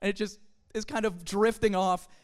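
A young adult telling a funny story to a church group, in a chatty, animated way with casual fillers. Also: medium pitch, moderate pace, clean tone. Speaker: speaker at a church youth gathering. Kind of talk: humorous storytelling talk to a group.

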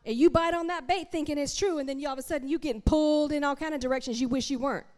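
Animated woman preaching. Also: high voice, very fast. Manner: animated, conversational, addresses the congregation directly. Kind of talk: sermon.

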